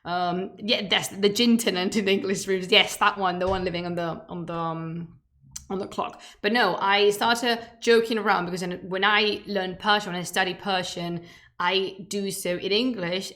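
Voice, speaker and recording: A woman's voice: mid-range voice, fairly even intonation, normal speed, a bit bright. Chatty playful woman, native Spanish speaker. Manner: chatty, playful and digressive, with emphatic asides. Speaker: streamer and history host. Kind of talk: casual chat leading into a history lecture.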